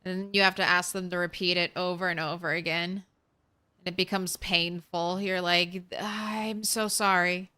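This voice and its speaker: Bright, clear-voiced woman streamer. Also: on the low side, little pitch movement, normal speed. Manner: chatty, rambling, talks to chat. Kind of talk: casual gameplay commentary.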